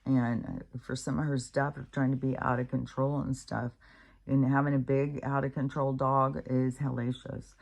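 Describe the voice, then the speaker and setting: A woman's voice: very deep voice, vocal fry, darkish tone. A middle-aged American woman talking at home in a meandering, casual way, with many fillers and restarts. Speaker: vlogger. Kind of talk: casual rambling monologue. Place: at home, with her dog nearby.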